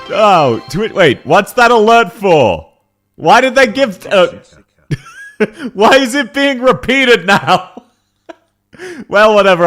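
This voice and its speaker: Male streamer, casual live chat, laughs a lot, bouncy animated pitch, slightly high voice, a bit rough-voiced. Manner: playful, laughs often, greets chat by name.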